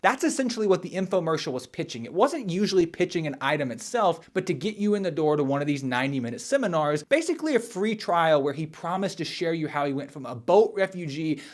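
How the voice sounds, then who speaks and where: A man's voice: fairly high pitch, fast talker, few pauses. A young man hosting a video channel, narrating in a chatty, casual way and talking straight to viewers. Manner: chatty, animated, talks to viewers as guys. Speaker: YouTube host.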